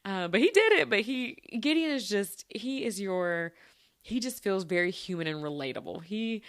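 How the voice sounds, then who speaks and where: A chatty woman hosting a solo podcast in a casual, giggly way. She talks straight to her listeners at a medium pitch. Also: animated, normal speed, clean tone. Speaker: podcast host.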